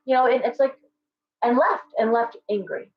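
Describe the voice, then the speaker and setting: A woman's voice: fairly high pitch, moderate pace, muffled recording. A middle-aged woman hosting a casual livestream from her shop, talking in a chatty, digressive way and answering viewer comments as she goes.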